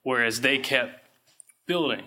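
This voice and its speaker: A man co-hosting a casual podcast, explaining things haltingly with lots of fillers. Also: medium pitch, pushed and bright, slight background noise. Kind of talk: casual chat.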